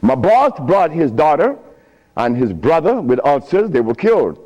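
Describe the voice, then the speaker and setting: A man's voice: fairly high pitch, a little slow, rough recording. A man giving an informal lecture to an audience, telling stories with loose grammar and frequent chuckles. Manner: animated storytelling with frequent chuckles. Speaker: speaker addressing an audience.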